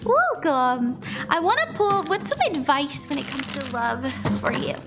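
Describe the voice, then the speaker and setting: A woman's voice: high-pitched, big pitch swings, measured pace, over loud music. A young woman doing a casual live-stream tarot reading, chatty and bubbly, laughing often and greeting viewers by name.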